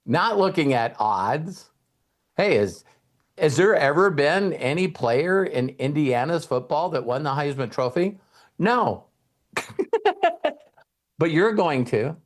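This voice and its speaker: Animated storytelling man, fairly high voice. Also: unhurried. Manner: storytelling, acts out quoted voices, casual swearing. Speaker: host and mentor. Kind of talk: motivational talk.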